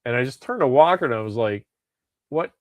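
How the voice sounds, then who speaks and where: A man's voice: medium pitch, lively intonation, quick pace, no echo, clean studio sound. A man co-hosting a podcast, chatting casually and rambling with restarts and swearing. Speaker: podcast co-host. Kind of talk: casual chat.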